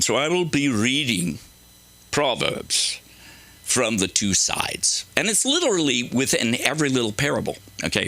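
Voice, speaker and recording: A man doing a stand-up set in a comedy club, his voice bright and a little gravelly. He swings from dry muttered asides to loud, over-the-top readings, and his pitch leaps all over the place. He sounds like he is speaking into a handheld mic on stage. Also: dry recording, low-quality recording. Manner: animated, jumps between deadpan asides and loud exaggerated readings.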